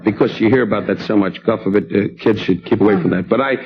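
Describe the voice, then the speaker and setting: A man in his fifties, a comedian guest on a talk show, rattling off insult jokes with mock sincerity. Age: 50s. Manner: rapid insult jokes, mock sincerity, high put-on voices in quotes. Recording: muffled old TV broadcast with hiss.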